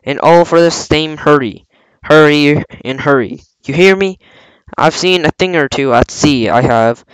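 A man's voice: fairly high pitch, a little slow, clear, resonant tone, no echo, natural voice, rough recording. A man reading aloud, voicing a scheming older pirate cook with a coaxing, blustering sailor manner. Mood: scornful.

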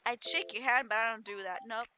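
A woman streamer chatting casually through a video game, giggly and easily excited by cute things. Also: a little high, a little fast, a little hiss or hum. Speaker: gaming streamer. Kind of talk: casual let's-play commentary.

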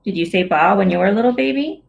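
A woman's voice: mid-range voice, animated, quick pace, creaky, dull audio. Playful woman reading to children. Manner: playful, sing-song, talks to young children. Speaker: children's book author reading aloud. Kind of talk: story hour read-aloud for children. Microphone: video call.

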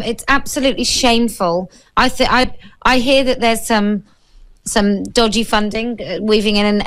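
A woman's voice: medium pitch, no room sound, rough recording. Indignant woman guest, dry close sound. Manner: indignant and forceful. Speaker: studio guest. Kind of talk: radio interview.

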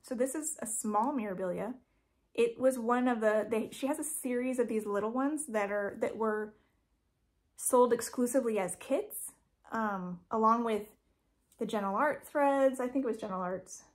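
A woman with a slightly raised pitch talks through her craft projects in a casual home vlog. She rambles, corrects herself and fills pauses with ums, recorded on a camera mic in a room at home. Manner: chatty, rambling, self-correcting with frequent ums. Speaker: cross stitch vlogger. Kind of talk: casual show-and-tell vlog.

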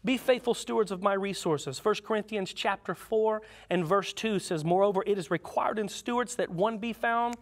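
Male panelist, high voice, earnest verse reader, stumbles and repeats. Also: normal speed, hardly any pauses. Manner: earnest, repeats himself while reading verses. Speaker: Bible study panelist. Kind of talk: Bible study panel teaching.

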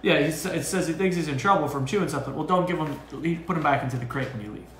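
A man giving casual dog training advice as a co-host, talking in an animated way. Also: rapid-fire, slight background noise. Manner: animated, jumps into high acted voices for owners. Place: dog boarding facility room. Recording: echoey room.

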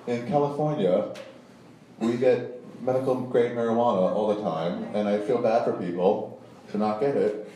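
A man telling a rambling, animated story at a live comedy show, acting out the people in it. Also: fairly quick, very echoey. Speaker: stand-up storyteller. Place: comedy club stage before a laughing audience. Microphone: handheld stage mic, recorded from the crowd. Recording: boomy live room taped from far off, audible noise. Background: audience laughter.

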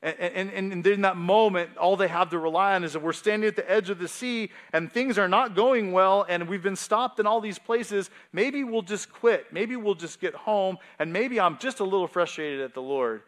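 Animated, chatty male pastor preaching. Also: high voice, moderate pace, few pauses. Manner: conversational, animated preaching with asides. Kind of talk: sermon.

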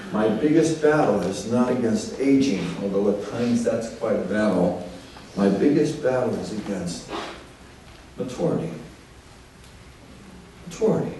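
A man's voice: on the low side, mellow, far from the mic. A male pastor preaching a sermon, emphatic, repeating key phrases and asking rhetorical questions. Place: church sanctuary. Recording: very echoey church hall, voice from off-mic, faint room noise.

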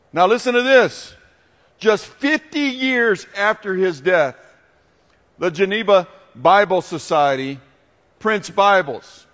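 A man preaching a sermon as pastor, telling a story with passion and building to loud, emphatic peaks. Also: high-pitched. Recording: long hall reverb.

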